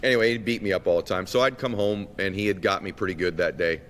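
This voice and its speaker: Brief: deep, lively male guest storyteller, long room reverb, faint rumble underneath. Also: quick pace. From Massachusetts. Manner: animated storyteller who acts out quotes. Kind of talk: storytelling in a conversation.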